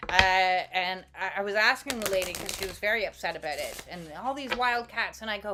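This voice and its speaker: A woman's voice: mid-range voice, brisk, hardly any pauses, pushed and bright, a little hiss or hum. A woman hosting a casual live card-reading stream, talking to her viewers in a rambling, playful way with the odd swear word. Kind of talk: casual livestream chat.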